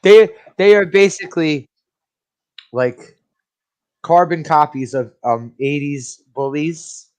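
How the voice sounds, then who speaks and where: A man's voice: on the high side, slow pace, long pauses, a little mellow. A man co-hosting a casual movie-review podcast, blunt and profane, laughing often as he gives his opinions. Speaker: podcast co-host.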